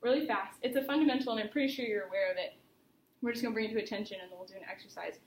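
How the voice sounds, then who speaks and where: A woman's voice: medium pitch, racing. A woman voice teacher giving a private singing lesson, chatty and encouraging as she explains with vivid images. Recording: roomy studio with faint noise.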